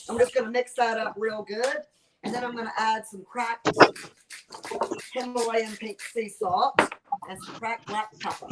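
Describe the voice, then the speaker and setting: Chatty Southern woman on a noisy call. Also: medium pitch. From Southern United States. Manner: chatty, enthusiastic, narrates each step. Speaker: guest chef. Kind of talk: cooking demonstration over a video call. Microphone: video call microphone.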